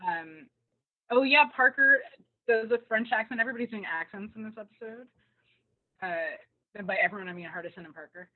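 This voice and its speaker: A woman chatting casually about a TV episode, animated and laughing often as she acts out lines. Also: mid-range voice, fairly quick, long pauses. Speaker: podcast co-host. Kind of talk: casual recap chat. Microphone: remote call. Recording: tinny phone-like line.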